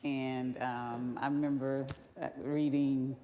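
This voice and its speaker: A woman presenting a speaker at an event, heartfelt and halting, pausing often on fillers. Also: a bass voice, flat delivery, dark tone, in a large hall, slight background noise. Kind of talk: introducing a speaker at a live event.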